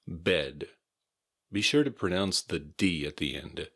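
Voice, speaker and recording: Teaching English pronunciation with an American accent, a man carefully repeats words and spells each one out letter by letter in slow drills. He has a deep, husky voice with a fairly bright tone and speaks slowly.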